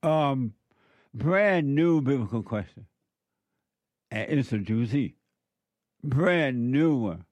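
A man's voice: medium pitch, expressive, slow pace, long pauses, a little mellow, no echo. A man preaching a sermon, emphatic and repetitive as he addresses a live audience.

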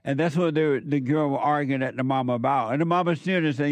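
A man hosts a call-in show. His voice sits a bit high for a man and he lectures emphatically, repeating his points. The sound is dry and close. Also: quick pace, no echo. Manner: preachy, emphatic, repeats phrases. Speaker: radio talk show host. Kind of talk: call-in radio talk.

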